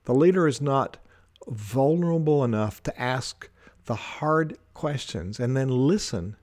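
A man giving a measured talk on leadership, laying out his points one by one with deliberate emphasis. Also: medium pitch, mellow, no echo, clean studio sound. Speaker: leadership speaker.

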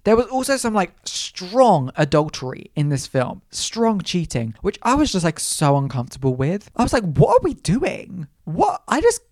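A man's voice: mid-range voice, darkish tone, no echo, clean studio sound. A young man hosting a solo podcast, chatting in a rambling way, questioning himself aloud and acting out quotes playfully. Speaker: podcast host. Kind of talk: casual solo podcast chat.

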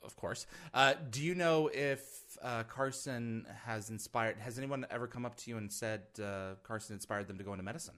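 A man's voice: mid-range voice, a little fast, few pauses, fairly bright tone. A man hosting a fan interview, reading out viewers' questions with hesitant fillers. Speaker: interview host.

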